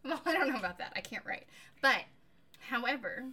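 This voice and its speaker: Bright-voiced sarcastic woman podcaster. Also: high-pitched, brisk. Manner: animated, sarcastic, swears casually. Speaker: podcast co-host. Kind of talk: casual book-review chat.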